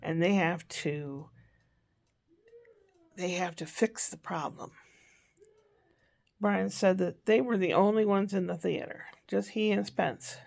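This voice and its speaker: Chatty older woman with a gravelly voice. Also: fairly low pitch, slow, long pauses, darkish tone. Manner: rambling, chatty, self-correcting. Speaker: vlogger. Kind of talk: casual diary-style chat.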